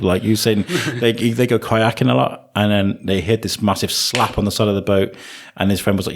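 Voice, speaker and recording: Low-voiced casual podcast host. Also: male voice, steady tone, moderate pace, slight background noise. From England. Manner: hesitant, conversational, many fillers. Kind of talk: casual chat.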